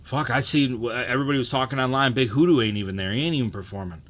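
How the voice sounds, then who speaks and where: A man's voice: medium pitch, racing, fairly bright tone. A man in his thirties hosting a casual livestream, loose and profane, often asking "you know what I'm saying". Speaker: livestream host.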